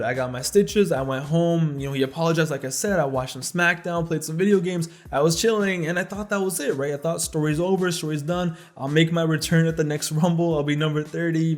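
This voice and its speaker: A young man casually telling a funny storytime to camera, jokey and full of slang, acting out the people in his tale. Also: on the high side. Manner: animated, jokey, slangy retelling with quoted voices. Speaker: storytelling vlogger.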